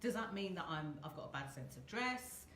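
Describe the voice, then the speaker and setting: A woman's voice: on the low side, big pitch swings, moderate pace, fairly bright tone, echoey room, slight background noise. A woman hosting a casual live video chat from a hotel room, chatty and rambling, laughing often. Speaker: host.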